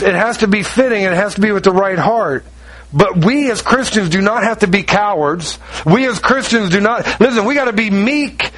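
A middle-aged man preaching a sermon, high-strung and animated, telling stories with quick asides. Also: rough recording. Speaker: pastor.

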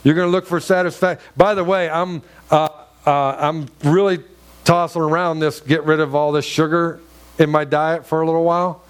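High-voiced man preaching earnestly. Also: fairly even intonation, moderate pace, clear, resonant tone. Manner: earnest, emphatic preaching with repeated phrases and rhetorical questions. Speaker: pastor. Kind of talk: sermon.

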